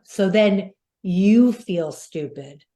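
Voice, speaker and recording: A woman co-hosting a podcast, agreeing emphatically in relaxed, reflective conversation. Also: mid-range voice, extremely slow. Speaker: podcast co-host. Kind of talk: reflective casual chat.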